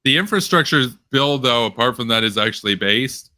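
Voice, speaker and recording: A man's voice: lively intonation, pushed and bright, no room sound. Sarcastic young man hosting a rambling chat. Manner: rambling, sarcastic, quick pitch jumps. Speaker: political commentary host. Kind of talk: casual online post-show chat.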